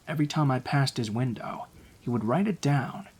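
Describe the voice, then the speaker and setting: A man narrating true horror stories in a calm, low-key scripted reading. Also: moderate pace, breathy edge.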